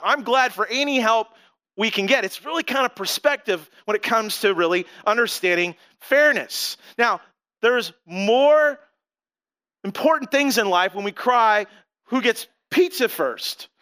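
A male pastor delivers a sermon in a relaxed, storytelling manner, breaking into animated asides. His voice sits high and sounds crisp and clear throughout. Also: unhurried.

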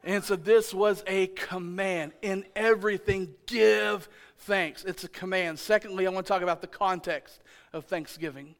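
A male pastor delivering a lively sermon in a strikingly high voice for a man. He jokes and teases the congregation, then climbs into loud, emphatic shouts to drive each point home. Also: moderate pace, creaky. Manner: animated, joking, playfully exasperated.

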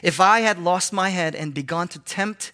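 A preacher reading aloud the first-person words of a scheming tempter devil from a book. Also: male voice, high voice, normal speed, bright, forceful tone.

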